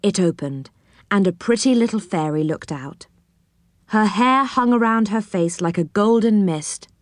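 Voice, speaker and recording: A woman narrating a children's storybook in a gentle, expressive manner. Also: mid-range voice, measured pace, no echo, studio quality.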